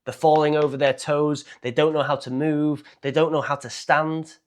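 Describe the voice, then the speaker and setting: A man's voice: on the high side, little pitch movement, moderate pace. A man, a speaking coach, talking straight to camera in a blunt, self-mocking way and swearing casually. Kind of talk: casual direct-to-camera talk.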